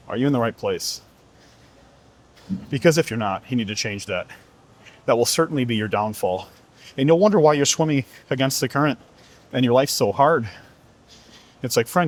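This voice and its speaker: A fitness coach with a medium-pitched male voice delivers an earnest, emphatic motivational talk, repeatedly firing rhetorical questions at the listener.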